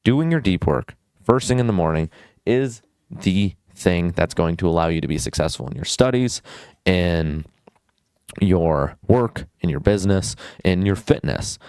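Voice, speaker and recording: A man's voice: sits low, animated, unhurried, a little mellow, clear, resonant tone, dry recording, clean studio sound. A young man vlogging about habits in a blunt, rambling way, with casual swearing. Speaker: student vlogger. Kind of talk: casual self-help vlog.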